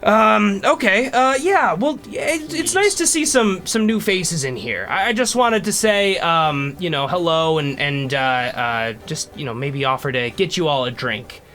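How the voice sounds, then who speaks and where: A man voicing a frail, kindly old male dwarf who is hard of hearing, speaking in a halting, stammering way. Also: high-pitched, lively intonation, pushed and bright, exaggerated voice. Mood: friendly.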